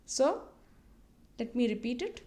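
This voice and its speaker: Female language teacher, unhurried, slightly high voice, patient drill-style repetition. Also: sing-song, mellow. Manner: patient, repeats phrases slowly with lifted pitch. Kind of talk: instructional explanation with slow repetition drills.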